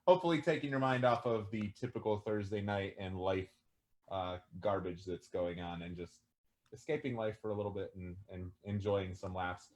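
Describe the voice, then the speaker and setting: A man's voice: fairly low pitch, fairly even intonation, moderate pace. A man hosting a casual webcast over a video call, rambling loosely and laughing often. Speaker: webcast host. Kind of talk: casual chat.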